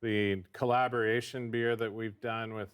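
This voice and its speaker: A man guest chef explaining his cooking in a relaxed, hesitant way with frequent ums. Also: fairly low pitch, normal speed, smooth. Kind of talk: casual explanatory chat.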